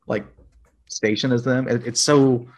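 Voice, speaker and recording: A man chatting casually as a podcast guest, rambling and filling pauses with "like". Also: medium pitch, fairly even intonation. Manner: rambling, heavy use of "like" fillers. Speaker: podcast guest, dice maker. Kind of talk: casual chat.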